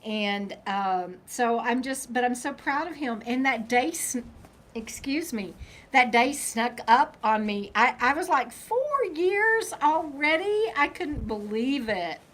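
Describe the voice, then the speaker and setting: A woman's voice: a little high, measured pace, a bit bright. A middle-aged woman chatting casually on a live stream, rambling and breaking off to talk to her dog. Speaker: vlogger reading live chat.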